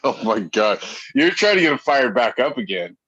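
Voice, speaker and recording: Lively man teasing on a stream. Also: medium pitch, unhurried, lo-fi sound, a crowd in the background. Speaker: livestream co-host. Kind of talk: casual livestream chat.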